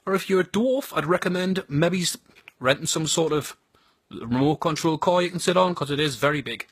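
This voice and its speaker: A man's voice: a little high, normal speed, husky, no echo, studio quality. A man with a Geordie accent giving a crude, blunt and sardonic comic monologue about his home city. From North East England.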